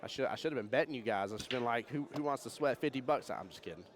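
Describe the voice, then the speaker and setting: A man giving jokey, animated live commentary on a pool tournament and reading chat comments aloud. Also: medium pitch, very fast. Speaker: pool match commentator and streamer. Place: pool hall during a tournament.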